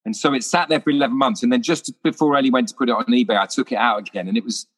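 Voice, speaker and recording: Animated actor, casual guest, spins anecdotes with acted-out voices. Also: male voice, mid-range voice, very fast, slightly rough. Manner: lively storyteller, acts out voices.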